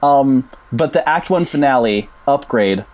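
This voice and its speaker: A young man co-hosting a casual chat, retelling a story with animated, quick-shifting character voices. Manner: animated, jumps into high put-on voices for characters. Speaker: podcast co-host.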